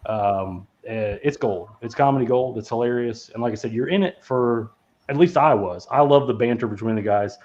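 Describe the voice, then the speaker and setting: A man's voice: medium pitch, moderate pace, a little mellow. A man hosting a podcast, chatting casually about movies, rambling and laughing as he swears freely. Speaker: podcast host. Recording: dull lo-fi sound.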